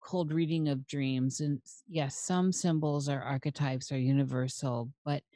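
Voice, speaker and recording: A woman's voice: very deep voice, fairly even intonation, moderate pace, mellow, dry recording. A woman hosting a casual conversation, thoughtful and earnest, swearing casually.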